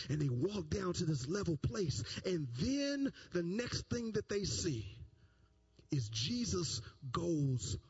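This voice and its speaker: High husky-voiced preacher. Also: male voice, takes it slowly. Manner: animated storytelling, repeating phrases, rising to shouts. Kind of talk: sermon. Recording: dull lo-fi sound.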